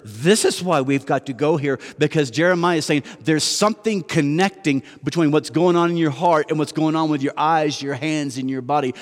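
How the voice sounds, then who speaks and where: Male pastor, slightly high voice, casual wry sermon delivery, long sanctuary reverb. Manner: conversational, self-deprecating, rhetorical questions. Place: church sanctuary. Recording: long church hall reverb.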